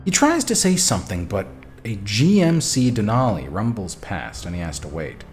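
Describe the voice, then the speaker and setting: A man streaming a text adventure, reading the story aloud and talking back to his chat, animated and quick to swear. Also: on the low side, faint music behind. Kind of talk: reading a game aloud and chatting with viewers.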